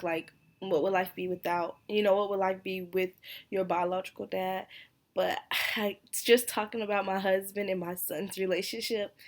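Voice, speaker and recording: A young adult woman speaks straight to her viewers in a personal vlog, candid and hesitant, stopping now and then to sigh. Her pitch stays level and even, with little rise or fall. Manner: emotional, candid, sighs and hesitates. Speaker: vlogger. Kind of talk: personal vlog talking to camera.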